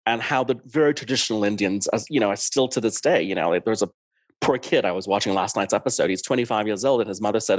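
Man, English accent, guest author, chatty, animated, dry close sound. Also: lowish voice, fast, no room sound. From Singapore. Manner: chatty, animated, laughs often, many fillers. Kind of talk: conversational interview.

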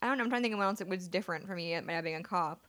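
A woman's voice: on the low side, racing, a bit bright. Rambling young woman telling stories. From Seattle area. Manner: rambling storyteller, lots of likes, laughs through stories. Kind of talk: casual chat.

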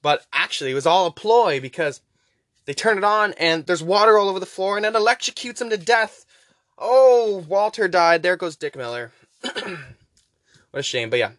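A young man hosting a podcast, casually rambling through a movie recap with profanity and quick voice impressions. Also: high-pitched, lively intonation, a bit bright, no room sound, clean studio sound. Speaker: podcast host.

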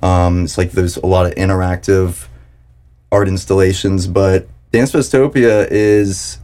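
Laid-back young man with a low, mellow voice. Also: fairly even intonation, measured pace. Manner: laid-back, rambling, heavy on "dude" and "like". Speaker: podcast host. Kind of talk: casual chat.

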